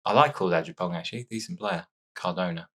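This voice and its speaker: Casting note: low-voiced male let's-player, chatty and excitable, slightly stuffy from sneezing. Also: fast. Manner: chatty, excitable reacting to match play. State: sore nose after sneezing fit. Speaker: gaming YouTuber. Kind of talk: casual let's-play commentary.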